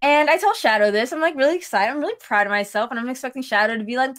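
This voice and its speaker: A woman's voice: high voice, quick pace, fairly bright tone. A woman co-hosting a casual podcast chat, ranting heatedly and swearing freely. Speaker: podcast co-host.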